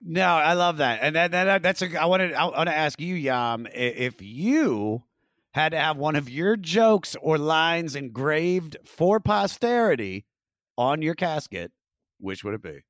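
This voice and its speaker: Male podcast host, upbeat and excitable, a touch high, dry studio mic. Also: a little slow, no echo, soft background music. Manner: excitable, jumps into loud high impressions when telling stories. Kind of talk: casual podcast chat.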